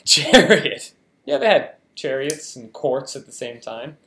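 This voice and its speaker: A man's voice: medium pitch, very animated, normal speed, creaky, echoey room. A man co-hosting a casual game livestream, joking around and rambling playfully. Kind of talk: casual chat.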